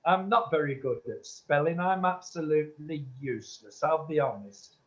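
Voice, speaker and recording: A man's voice: a little high, normal speed. A man working as a medium, earnestly answering an audience member's question in a church and calling her sweetheart. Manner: earnest and insistent, calls listeners sweetheart. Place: church hall. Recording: dull lo-fi recording.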